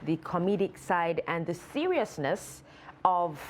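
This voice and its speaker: A woman's voice: on the low side, very animated, a little slow, a little hiss or hum. A woman, hosting a TV interview and asking hesitant questions full of fillers. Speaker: TV show host.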